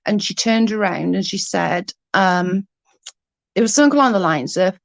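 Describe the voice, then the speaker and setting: A woman's voice: mid-range voice, expressive, normal speed, gravelly, no room sound. A woman in her thirties telling a story on her vlog in a casual, heated way, swearing freely and acting out what was said. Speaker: vlogger.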